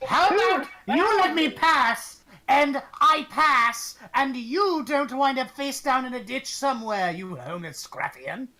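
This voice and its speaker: A woman's voice: high voice, expressive, measured pace, few pauses, sharp tone. A woman playing in a tabletop game, brash and mocking toward the others. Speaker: player. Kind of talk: casual tabletop play.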